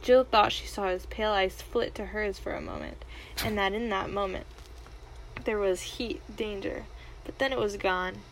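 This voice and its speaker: A woman reading a storybook aloud, expressive and lively, with a mid-range voice. She narrates in an animated way. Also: medium pitch, moderate pace, vocal fry, a little hiss or hum, low-quality recording.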